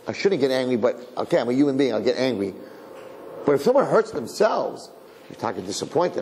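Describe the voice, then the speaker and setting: A man, a rabbi, giving a conversational sermon as an animated storyteller who acts out voices. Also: medium pitch, brisk. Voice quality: gravelly. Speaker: rabbi lecturing. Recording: reverberant hall, faint background noise.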